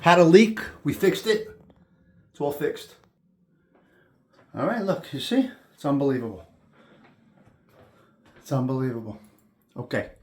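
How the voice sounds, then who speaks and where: Inside an old house, a man walks between rooms giving viewers a tour, admiring the place and repeating his words. His voice is a little high and a little mellow, very animated, a bit slow, with frequent pauses.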